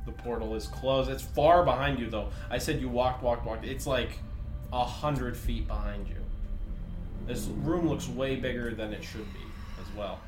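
A man's voice: medium pitch, normal speed. A man narrating a tabletop game as game master, casual and laughing easily. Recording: roomy room, faint music.

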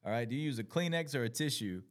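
A man's voice: medium pitch, fast talker. A male podcast host, in casual profane chat, laughing and telling stories. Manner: laughing, profane, animated storyteller.

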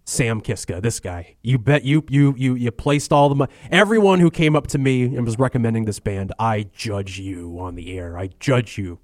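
A man's voice: mid-range voice, moderate pace, few pauses, no room sound, studio quality. A man hosting a comedy call-in radio show who stammers, grumbles and talks openly angry.

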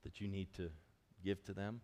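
A man preaching a sermon as pastor, telling a story in a lively, conversational way with quick asides. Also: deep voice, long reverb tail. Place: church hall.

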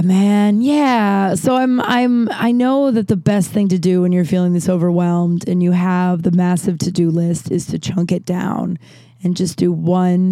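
A woman's voice: fairly low pitch, mellow, no echo. A woman hosting a solo podcast from her closet, rambling candidly and swearing freely. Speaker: podcast host. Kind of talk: casual solo podcast chat. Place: small closet.

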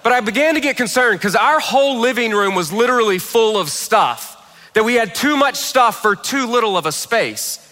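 Bright-voiced man preaching with humor. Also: very high-pitched, normal speed, long reverb tail. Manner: humorous, animated storyteller. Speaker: pastor. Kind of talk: sermon with storytelling.

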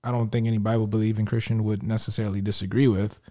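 A man's voice: fairly low pitch, little pitch movement, racing, warm tone. A male co-host in casual discussion who asks thoughtful, circling questions full of fillers.

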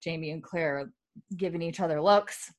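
Chatty woman recapping, lowish voice. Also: normal speed. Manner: rambling, many fillers, quotes characters. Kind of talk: casual episode recap.

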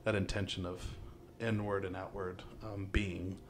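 A man's voice: low voice, flat delivery, measured pace, noisy background. Rambling laid-back male podcast host. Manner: rambling storyteller, many fillers, laughs often. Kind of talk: casual podcast chat.

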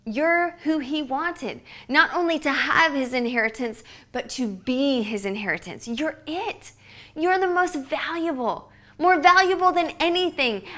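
A woman in her thirties giving a devotional podcast teaching, earnest and conversational, often dropping to a soft hush for emphasis. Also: high voice, measured pace. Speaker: Bible teacher.

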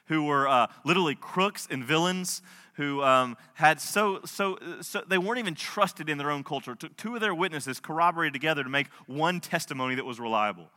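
A man in his thirties, a pastor, preaching a sermon, moving between soft storytelling and impassioned delivery. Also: fairly high pitch, brisk. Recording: long hall reverb.

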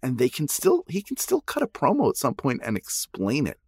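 A man's voice: mid-range voice, huge pitch swings, fairly quick, slightly rough, no room sound, studio quality. A man hosting a podcast in casual chat, musing aloud and asking questions. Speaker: podcast host.

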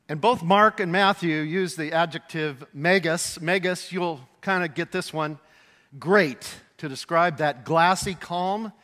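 Here a pastor with a high male voice gives an animated sermon, performing voices at times and building to shouts for emphasis. The tone is bright and forward, and a large hall's long reverb follows every phrase.

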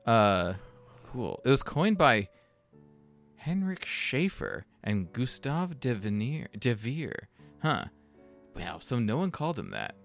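A man's voice: medium pitch, huge pitch swings, slow, creaky, fairly bright tone, faint music behind. A man co-hosting a casual comedy history chat, making dry, laid-back wisecracks. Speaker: podcast co-host.

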